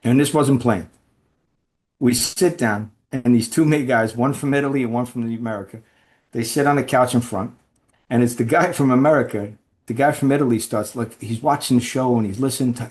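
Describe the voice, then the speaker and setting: A man's voice: medium pitch, fairly even intonation, moderate pace, darkish tone. A man who used to be an undercover informant, telling stories as a podcast guest with frequent restarts and "right?" tag questions. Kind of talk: conversational storytelling.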